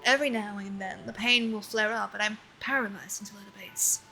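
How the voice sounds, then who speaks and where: A woman's voice: medium pitch, steady tone, a little fast, gravelly, pushed and bright, slightly rough, faint music behind, voice pushed down, heavily acted, rough recording. A woman reading game dialogue aloud as an older, weary villager with an old injury, in a mock British accent and formal, old-fashioned phrasing. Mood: wistful.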